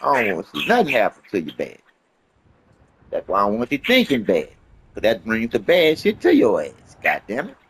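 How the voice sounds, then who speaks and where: A man's voice: on the low side, huge pitch swings, moderate pace, a bit bright, breathy edge. A man delivering a rambling, emphatic motivational monologue in casual street slang, repeating his points and swearing often. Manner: emphatic, profane, repetitive preaching.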